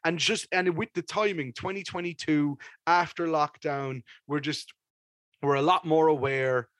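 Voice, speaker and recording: A young man hosts a podcast and gives his take on a record in a loose, rambling way, swearing as he goes. His voice sits fairly high for a man. The sound is dry and close, with no room around it. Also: measured pace, no echo. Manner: rambling and animated, with casual swearing. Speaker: podcast host. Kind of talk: casual music review chat.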